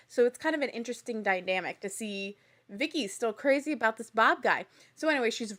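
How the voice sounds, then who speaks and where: A young adult woman hosting a casual rewatch recap, animated and sarcastic, laughing often and acting out quotes. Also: fairly high pitch. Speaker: podcast host recapping a reality show.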